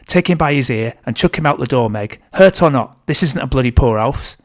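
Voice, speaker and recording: A man's voice: medium pitch, animated, brisk, close to an everyday voice. A man voicing a crotchety, bossy old grandmother who barks orders at her family in a read-aloud story. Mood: scolding. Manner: barking, scolding.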